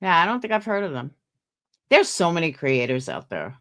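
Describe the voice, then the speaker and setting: A woman hosts a casual livestream, yawning and tired as she gossips and greets live viewers by reading their names aloud. Her voice is fairly low and fairly bright, with huge pitch swings at a moderate pace.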